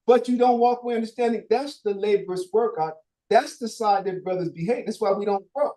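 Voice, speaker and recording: A man's voice: sits high, dark tone, reverberant, rough recording. A man teaching a Bible study, talking casually with slang, swearing and many rhetorical questions to his listeners. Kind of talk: informal preaching Q&A.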